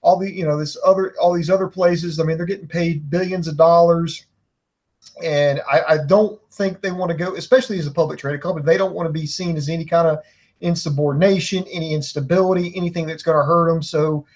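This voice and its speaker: Measured man analyzing. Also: on the high side, fairly even intonation, a little mellow. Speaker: podcast co-host. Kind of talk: casual wrestling talk.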